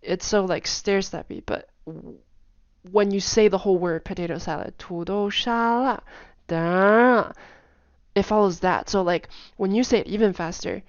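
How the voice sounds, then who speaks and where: A woman giving a casual explanatory lesson, demonstrating pitch with sung "da" syllables and quickly repeated words, chatty with frequent "like" fillers. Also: smooth, dry recording, lo-fi sound. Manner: chatty, with many "like" fillers and soft asides. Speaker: language teacher.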